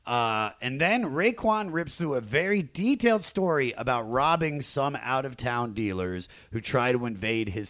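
A man's voice: medium pitch, a bit bright, no echo. Man rambling as podcast host, dry sound. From Maryland, USA. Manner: rambling, self-interrupting, laughs easily. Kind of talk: casual chat.

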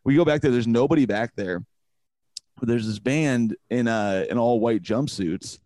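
Man, comedian, casual storytelling, swears a lot, laughs often, mid pitch, dry sound. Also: normal speed, darkish tone, dry recording. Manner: loose and profane, laughing often, acting out quotes. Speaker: comedian, podcast guest.

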